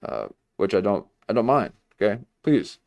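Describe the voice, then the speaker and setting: Low-voiced man rambling on a livestream. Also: huge pitch swings, moderate pace, vocal fry, a little mellow, dry recording, studio quality. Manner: rambling, self-mocking, jumps into mock voices. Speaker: livestream host. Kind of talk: casual livestream commentary.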